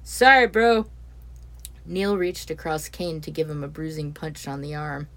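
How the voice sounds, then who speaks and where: A woman reading a story aloud as its narrator, steady and expressive. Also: sits low, moderate pace. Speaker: audiobook narrator.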